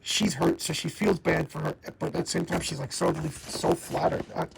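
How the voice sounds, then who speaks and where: A man's voice: a little high, fairly even intonation, moderate pace, creaky, heavy background noise. A man casually reviewing a comic book, enthusiastic and often stammering and repeating words.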